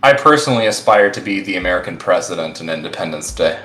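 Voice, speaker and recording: A man joins a casual stream chat, and his pitch moves up and down a lot as he talks. His voice carries a roomy echo. Faint music plays in the background. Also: lively intonation, fast, pushed and bright. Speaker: guest on stream.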